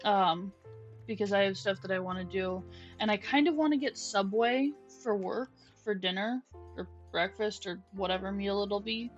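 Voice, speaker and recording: A woman's voice: medium pitch, moderate pace. A young adult woman streaming a game in casual chat, rambling through stories and cooing at her pet. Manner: chatty, rambling storytelling with restarts; coos softly at her pet. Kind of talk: casual chat while gaming. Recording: dull lo-fi stream mic. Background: faint music.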